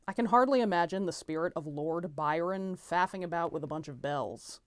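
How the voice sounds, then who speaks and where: Woman as a flustered, bookish young gent; animated, dry comedy read. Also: fairly low pitch, moderate pace, no echo, lightly acted. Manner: prim, exasperated, stammering. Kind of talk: comedic audio drama.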